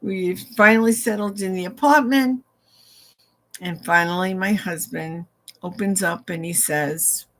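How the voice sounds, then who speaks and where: A woman's voice: on the low side, a little slow. A woman telling a personal ghost story in a casual way, acting out the back-and-forth with "he goes" and "I said.". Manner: acts out dialogue with "he goes, I said" asides.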